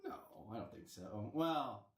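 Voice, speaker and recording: A man's voice: medium pitch, expressive, measured pace, roomy sound, a crowd in the background. A man in casual chat, wry and laid-back, laughing now and then.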